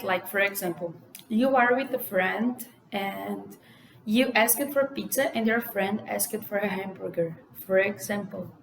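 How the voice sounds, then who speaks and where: With a gravelly, mid-range voice, a young Brazilian vlogger talks casually to the camera in English, leaning on "like" and "you know." Her Brazilian Portuguese accent comes through. She's recorded in an echoey room with faint background ambience.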